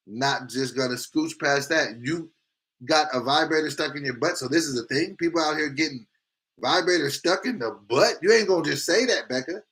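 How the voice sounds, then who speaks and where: Animated, laughing male livestream host. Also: fairly high pitch, moderate pace. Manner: animated, swinging loud and quiet, exclaiming and laughing. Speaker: livestream host reading chat comments. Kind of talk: casual live-stream chat.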